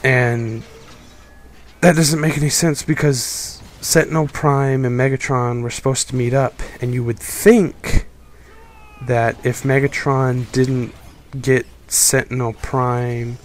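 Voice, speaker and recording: A man's voice: mid-range voice, little pitch movement, slow. A young adult man giving a casual, critical film review, rambling and exasperated. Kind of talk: casual opinion monologue.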